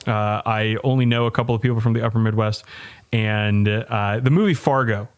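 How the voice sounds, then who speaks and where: A man's voice: on the low side, fairly even intonation, fairly quick, clean tone. A man co-hosting a podcast, chatting casually with hesitant restarts that then rush ahead. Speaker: podcast co-host. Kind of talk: casual chat.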